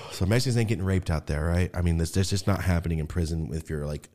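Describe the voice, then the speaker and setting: A young podcast host chats casually and tells animated stories, quickly jumping into high-pitched voices to mimic people.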